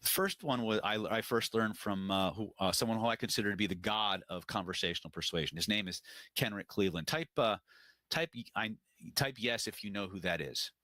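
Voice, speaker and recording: A man leading a webinar, teaching in a conversational way and telling animated stories with frequent fillers. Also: on the low side, a little fast, no echo. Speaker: webinar instructor.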